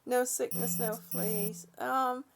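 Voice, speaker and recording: A woman hosting a relaxed live chat from her home, greeting viewers by name, yawning, laughing and often losing her train of thought. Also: fairly high pitch, slow pace, vocal fry, soft background music. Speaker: livestream host.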